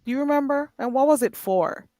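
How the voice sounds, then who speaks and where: A woman's voice: high voice, no echo. A woman hosting a live stream, chatting casually and gossiping while reading out viewer comments, often stretching out "ooh". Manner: animated and gossipy, with frequent drawn-out "ooh"s.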